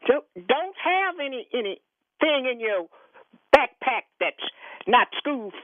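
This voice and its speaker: Woman radio caller, indignant, stammering repeats, dry phone-line sound, fairly high voice. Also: big pitch swings, takes it slowly, no echo. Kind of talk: call-in talk radio. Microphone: telephone.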